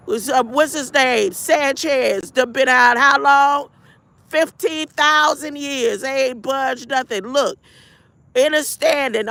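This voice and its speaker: A woman's voice: a little high, sharp tone. A woman hosting a livestream, rambling and preachy, talking back to her chat and reciting spiritual affirmations. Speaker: livestream host.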